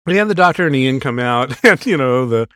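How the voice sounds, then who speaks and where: A man's voice: medium pitch, lively intonation, moderate pace, a bit bright, no room sound, studio quality. A man co-hosting a podcast, casually recapping an episode scene by scene and laughing often as he goes. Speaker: podcast co-host.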